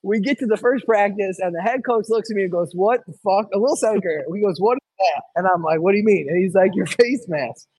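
High-voiced man telling rambling stories. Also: fast talker, few pauses, slightly rough, no room sound, low-quality recording. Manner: rambling, animated storytelling with lots of restarts. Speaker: podcast host. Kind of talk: casual podcast chat.

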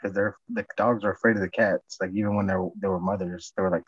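Husky low man on a dull, dry recording. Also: steady tone, fast talker, no echo. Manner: repetitive, profane, loose talk. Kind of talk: casual chat.

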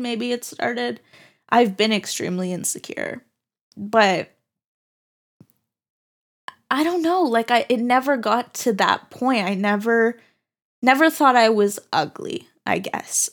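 A young woman talks alone into her podcast mic, slowly and with a gravelly fry in her voice. She speaks candidly, stopping and restarting as she searches for words, and at times she is near tears with her voice breaking. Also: mid-range voice. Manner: candid and halting, many fillers and restarts. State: tearful, voice breaking. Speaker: podcast host. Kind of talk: solo podcast monologue.

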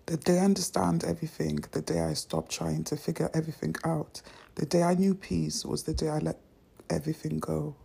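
A woman's voice: low-pitched, fairly even intonation, a little fast, vocal fry, mellow, breathy edge. A young woman, vlogging casually from home into a phone in a rambling, self-mocking way, often dropping into whispers. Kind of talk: casual unedited vlog.

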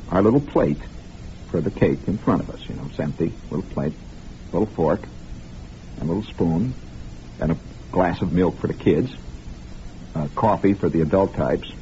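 Man, radio storyteller, low dark voice, lively swooping delivery, mock-serious, old broadcast hiss. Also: highs cut off. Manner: conspiratorial, mock-grave, talks straight to listeners. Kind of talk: improvised radio monologue storytelling.

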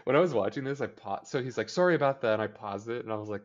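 A man casually recapping a TV episode on a podcast, chatty and sarcastic, quickly acting out the characters' lines. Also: mid-range voice, lively intonation, muffled recording. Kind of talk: casual chat.

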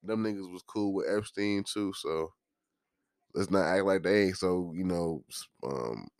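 A man's voice: sits low, unhurried, no echo, studio quality. A man hosting a podcast, ranting in a heated, profane and joking way. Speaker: podcast host. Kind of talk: casual podcast rant.

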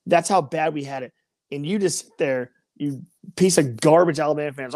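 A woman's voice: sits low, fast talker, mellow, dry recording, clean studio sound. A woman co-hosting a casual sports chat, ranting and mocking rival fans. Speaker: podcast co-host.

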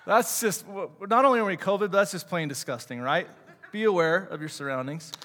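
A man in his thirties gives a casual sermon in a church, his voice sitting high for a man. He jokes, asks the crowd rhetorical questions and fills pauses with "uh." His words ring out with a long hall reverb. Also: fairly bright tone. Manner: chatty, joking, many fillers and rhetorical questions. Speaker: church teacher. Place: church sanctuary.

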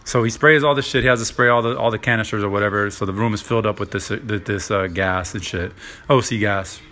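A man's voice: on the low side, steady tone, quick pace, pushed and bright. A young man hosting a casual solo podcast, rambling with lots of fillers and profanity. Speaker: podcast host.

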